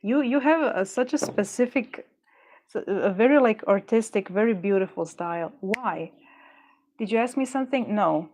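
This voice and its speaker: A woman's voice: mid-range voice, animated, normal speed, darkish tone, slight background noise. Rambling woman chatting while crafting. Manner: rambling and chatty, talks herself through frustration. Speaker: jewelry maker streaming her work. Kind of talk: casual chat while crafting.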